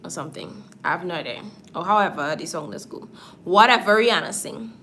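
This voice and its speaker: This makeup artist talks a little fast in a lowish voice that's pushed, bright and lively in intonation. She chats straight to her livestream viewers while applying false lashes, with slight background noise.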